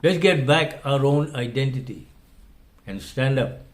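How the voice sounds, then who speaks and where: A man's voice: medium pitch, lively intonation, a little slow. Impassioned older man. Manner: impassioned, emphatic. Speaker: host. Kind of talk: opinion commentary monologue.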